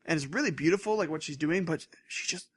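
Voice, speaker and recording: Animated, laughing young male podcast co-host. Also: fairly high pitch, fast talker, slightly rough, no echo, clean studio sound. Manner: animated storytelling, laughing, rambling. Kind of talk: casual chat.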